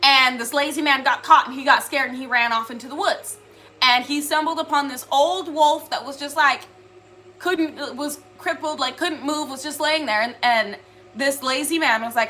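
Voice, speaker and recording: High, bright-voiced woman giving a spiritual reading. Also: moderate pace, a little hiss or hum. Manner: earnest, rambling, many "like" fillers. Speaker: spiritual reader. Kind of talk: casual spiritual monologue to viewers.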